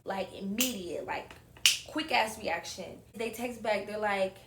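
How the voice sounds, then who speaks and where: A young woman telling a casual storytime to her viewers, animated and often calling out to them. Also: mid-range voice, a little slow, a little hiss or hum. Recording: roomy echo.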